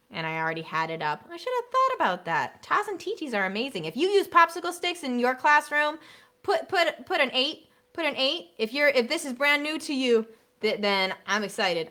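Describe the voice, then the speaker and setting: With a voice on the low side, this woman runs a virtual session for elementary school music educators. She's talkative and upbeat, now and then singing brief tunes to show how things work.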